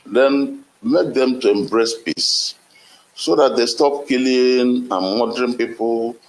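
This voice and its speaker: A man answering in a broadcast interview, measured and hesitant. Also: mid-range voice, poor audio. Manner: measured, hesitant, with fillers and restarts. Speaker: interviewed spokesman.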